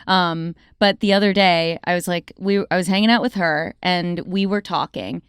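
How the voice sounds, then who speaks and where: A woman's voice: lowish voice, moderate pace, clean tone, dry recording, studio quality. A young woman co-hosting a podcast, chatting casually and telling stories with lots of "like". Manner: animated storyteller, heavy use of "like". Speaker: podcast co-host. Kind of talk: casual chat.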